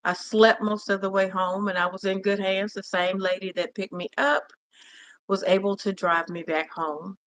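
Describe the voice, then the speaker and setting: A woman's voice: mid-range voice, level tone, normal speed, a bit bright. A woman hosting a casual livestream, chatting affectionately with viewers and calling them honey and cousin. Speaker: livestream host. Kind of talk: casual live chat with viewers.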